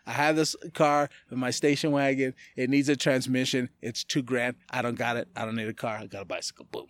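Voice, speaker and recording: A man's voice: medium pitch, no room sound. Man from California telling a street story. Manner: animated, acts out other people's lines in quick voices; laughs often through his story. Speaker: podcast guest, martial arts gym owner. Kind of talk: casual storytelling.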